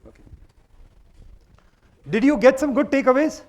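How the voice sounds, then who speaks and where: A man's voice: very high voice, moderate pace. A middle-aged man with an Indian accent gives a motivational talk to a live audience, switching between Hindi and English and putting questions to the crowd again and again. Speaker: speaker leading a workshop. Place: auditorium with an audience.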